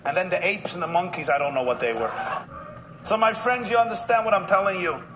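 A man, a rabbi, giving a humorous live speech with punchy jokes, quick asides and repeated punchlines. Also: sits high. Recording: noisy live event recording.

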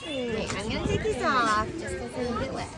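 A woman's voice: fairly high pitch, big pitch swings, a little fast, over a noisy crowd. A woman therapist, upbeat and encouraging, working with a child at a pool.

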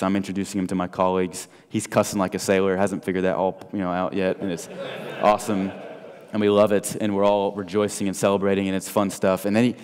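A man preaching an evangelistic sermon, telling stories and swinging between loud and soft. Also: sits low, smooth. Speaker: guest speaker. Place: large church hall. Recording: long hall reverb.

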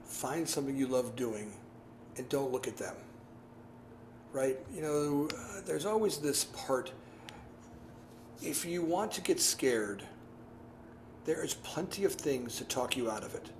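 A man giving casual advice to a class over a video call, animated and repetitive, often acting out his own past thoughts. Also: mid-range voice, unhurried, long pauses. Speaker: guest speaker. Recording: echoey room, faint noise.

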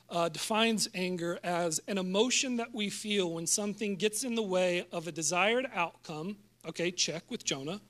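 A young adult man preaching a sermon in a church, jokey and animated, getting loud when riled up. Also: high voice. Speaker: pastor. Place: church auditorium.

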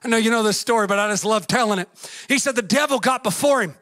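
A man preaching a fervent sermon, swinging between shouts and a singsong cadence and acting out the voices in his stories. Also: sits high, fast talker, dry recording. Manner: acts out story voices, folksy grammar.

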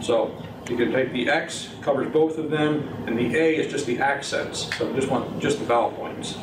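A man teaching software at a workshop, talking in a relaxed, halting way with many fillers and restarts. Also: mid-range voice. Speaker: software instructor. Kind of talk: recorded workshop tutorial. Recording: roomy, distant, noisy workshop recording.

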